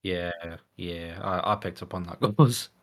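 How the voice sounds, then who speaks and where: A man's voice: low voice, measured pace. A man co-hosting a podcast, rambling in casual chat with tag questions and hearty laughs. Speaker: podcast co-host.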